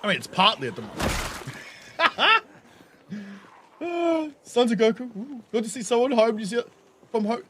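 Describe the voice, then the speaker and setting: A man's voice: very high-pitched, big pitch swings, moderate pace, long pauses, noisy background. A man with a New Zealand accent, streaming a game and chatting casually with viewers, swearing and laughing as he rants. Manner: laughing, swearing, ranting to chat. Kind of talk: casual live-stream chat.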